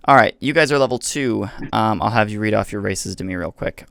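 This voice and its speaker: A man with a gravelly, somewhat low voice runs a tabletop game. He explains the rules patiently, pausing often to hunt for the next word. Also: a bit bright, no room sound, clean studio sound. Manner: patient, hesitant with many ums. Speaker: game master. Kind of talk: explaining rules over voice chat.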